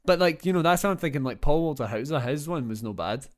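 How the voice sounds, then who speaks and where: A young Scottish man co-hosts a podcast, casually chatting about a film. His slightly high voice has lively intonation and a fast pace, and he rambles and jokes with lots of fillers.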